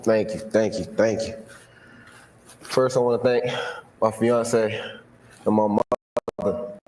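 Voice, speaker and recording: A man's voice: on the low side, steady tone, takes it slowly, darkish tone. A young man from Florida giving a heartfelt, emotional acceptance speech, talking casually with slang and repeating himself. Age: young adult. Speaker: award winner giving a speech. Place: large hall on a stage. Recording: echoey hall, faint noise.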